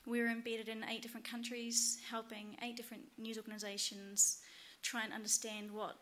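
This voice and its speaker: A woman with a New Zealand accent teaches a conference workshop, her voice sitting a little high. She stops often on "um" and restarts her sentences. A faint hiss runs under the recording. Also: level tone, brisk, a bit bright. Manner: hesitant, many ums. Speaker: workshop instructor. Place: conference room.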